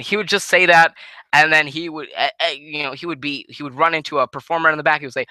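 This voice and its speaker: Tired, very bright-voiced man rambling. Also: a little high, steady tone, fast talker, no room sound. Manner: rambling, swearing, frequent restarts. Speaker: wrestling show reviewer. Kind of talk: casual spoken review.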